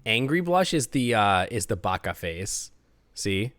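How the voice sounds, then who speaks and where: Playful man streaming a game, lively voice. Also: lowish voice, unhurried, no room sound. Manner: playful, joking, laughs often. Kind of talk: gaming stream commentary.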